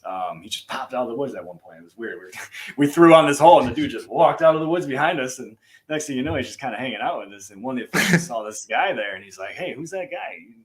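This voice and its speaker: A man from New York State, a disc golfer chatting as a guest in a relaxed, laughing way. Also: mid-range voice. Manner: relaxed, laughs easily, many fillers. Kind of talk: casual interview chat.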